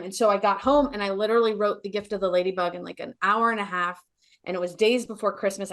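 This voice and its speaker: A middle-aged woman speaks as a guest, telling a deeply personal story. Her voice sits at a middle pitch, and her delivery is earnest and emotional, full of restarts and little fillers like "you know" as she searches for words.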